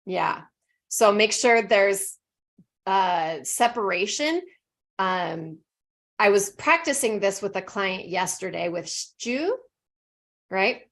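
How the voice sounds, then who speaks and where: A woman runs an online pronunciation lesson, speaking at an unhurried, drawn-out pace. She is encouraging and spells out each sound carefully for her students. Her voice comes through a video call. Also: medium pitch, expressive, a bit bright. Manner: encouraging, models words slowly and deliberately. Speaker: English pronunciation teacher.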